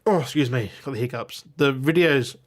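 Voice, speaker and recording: Blunt vlogger, rambling and offhand, mid-range voice. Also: male voice, medium pitch, fairly even intonation, unhurried. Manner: blunt, swears casually, digresses and restarts often. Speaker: YouTuber showing his weekly movie and game pickups. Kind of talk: casual rambling to camera.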